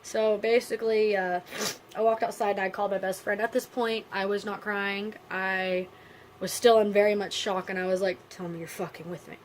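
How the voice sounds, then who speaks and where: Woman vlogger, mid-pitched, subdued and halting, candid storytelling delivery over faint background noise. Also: little pitch movement, low-quality recording. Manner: subdued, halting and quiet, with frequent pauses; candid, casual with blunt swearing. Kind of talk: personal storytelling to camera.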